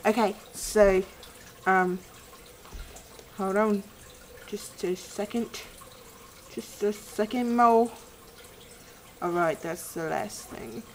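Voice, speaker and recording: Slow-talking young woman rambling on webcam. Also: mid-range voice, fairly even intonation, slight background noise, poor audio. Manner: rambling, reads viewer questions aloud and reacts with puzzlement. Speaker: vlogger. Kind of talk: casual webcam chat.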